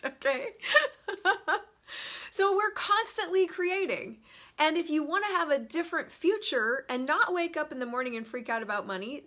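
A woman's voice: on the high side, pushed and bright. A woman hosting a live coaching stream, talking animatedly, laughing and greeting viewers as she goes. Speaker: host of a live money coaching show.

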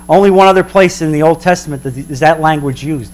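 A man preaching a sermon as a pastor, emphatic, slowing down for dramatic weight. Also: a little high.

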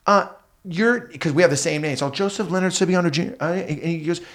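A middle-aged comedian telling a story in casual chat, acting out the voices of the people in it. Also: male voice, a little high, quick pace. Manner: animated storyteller, acts out voices of others. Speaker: comedian guest.

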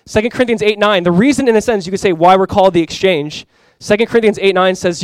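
A man's voice: sits high, quick pace, hardly any pauses, clear, resonant tone, no room sound. A man preaching a sermon as pastor, conversational and emphatic, talking to the congregation and inviting them to respond. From California.

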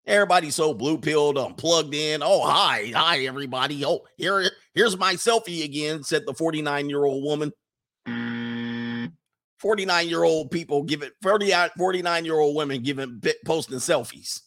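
A man livestreaming a casual, sarcastic rant, swearing, laughing often and mocking others in a high voice. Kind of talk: casual ranting monologue.

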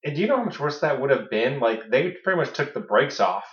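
A man co-hosting a podcast, chatting casually about fantasy football with dry, deadpan teasing. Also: mid-range voice, quick pace. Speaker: podcast co-host. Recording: echoey room, dull lo-fi sound.

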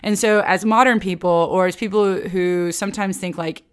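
A woman's voice: mid-range voice, steady tone, normal speed, clean tone. A woman giving a casual Bible teaching for a podcast. She talks in a chatty way, fills her speech with "like", and acts out voices when she quotes. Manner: chatty, with many filler "like"s.

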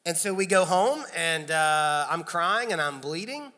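Youngish preacher guy telling funny family stories, kinda high bright voice, big church echo. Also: unhurried. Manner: storytelling, animated, self-deprecating humor. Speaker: pastor. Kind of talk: sermon. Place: church sanctuary. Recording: long hall reverb.

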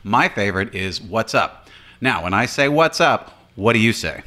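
Bright-voiced rambling man. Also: on the low side, expressive, normal speed. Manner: rambling, self-deprecating, jokey. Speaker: podcast co-host. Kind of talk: casual chat.

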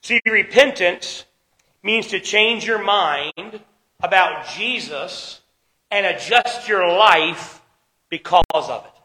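A man preaching a sermon as pastor, swinging between loud emphatic lines and quiet ones, slowing down to stress key words. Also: high voice, animated, low-quality recording. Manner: preaching with dramatic shifts in loudness and pace.

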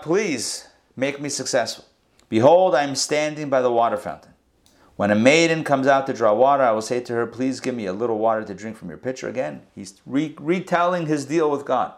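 A rabbi leads a Torah class in a mid-pitched male voice. He retells the scripture with lively storytelling and acts out the lines of the verses as he goes.

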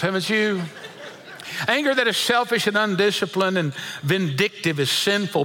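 A man's voice: sits high, sharp tone. A middle-aged man preaching a sermon, telling folksy stories with chuckles and often repeating his words. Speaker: pastor.

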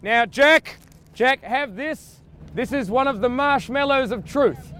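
A man with a strikingly high voice and an Australian accent works a crowd on a busy street outdoors. He plays a pompous, absurd tour guide, calling out to passers-by in grand, theatrical patter. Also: slow pace, pushed and bright, a little hiss or hum. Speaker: comedian leading a mock street tour. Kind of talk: improvised street comedy.

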